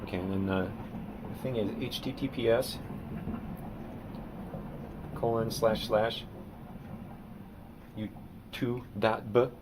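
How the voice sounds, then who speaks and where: A man's voice: lowish voice, steady tone, slow pace, pauses often, noisy background. A man, a painter, rambling through a live-stream monologue at his desk, theatrical and self-mocking, breaking into rants and reading aloud.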